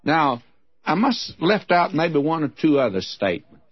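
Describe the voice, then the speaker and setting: A man's voice: fairly high pitch, big pitch swings, unhurried, husky, muffled recording. A man giving a sermon as a Bible teacher, in a frank, folksy, conversational way.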